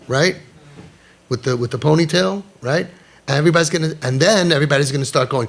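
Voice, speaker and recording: A male parenting coach delivers a passionate talk with an animated, emphatic delivery. His voice sits a little higher than most men's, and he drops Yiddish and Hebrew terms into his English. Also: quick pace, creaky.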